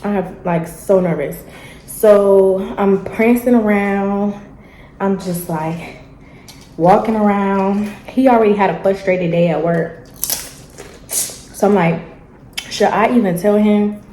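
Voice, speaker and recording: A young woman, telling a story in a casual, animated vlog chat and acting out the dialogue. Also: mid-range voice, slow, pauses often, roomy sound, a little hiss or hum, rough recording. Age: young adult. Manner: animated, chatty, acts out dialogue. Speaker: vlogger. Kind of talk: casual storytelling while eating.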